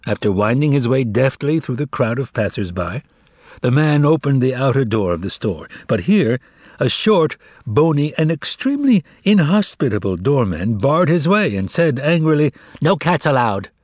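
A man narrating a novel as an audiobook reader, expressive and measured. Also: mid-range voice, no room sound, clean studio sound. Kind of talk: scripted literary narration.

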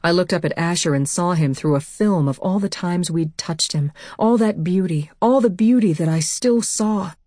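A woman's voice: lowish voice, normal speed, hardly any pauses, dark tone, no room sound, clean studio sound. A woman reading a first-person novel aloud as audiobook narrator, with an intense delivery.

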